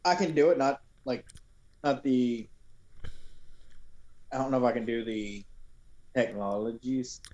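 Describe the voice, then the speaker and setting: A man as a guest on a casual live stream, relaxed and giving brief replies. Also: mid-range voice, unhurried, long pauses, lo-fi sound.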